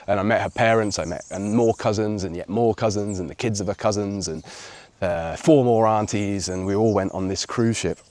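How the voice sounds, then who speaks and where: An English man in his thirties telling a personal story on his video channel, reflective and lively when he acts out what others said. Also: lowish voice, moderate pace, hardly any pauses, dry recording. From England. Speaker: vlogger.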